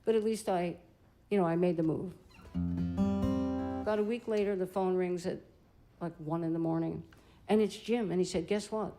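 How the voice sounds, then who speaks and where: An older woman, a blues singer and guitarist, telling an animated, chatty story between songs on a live-stream stage, laughing easily. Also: lowish voice, normal speed, pauses often, music in the background, low-quality recording.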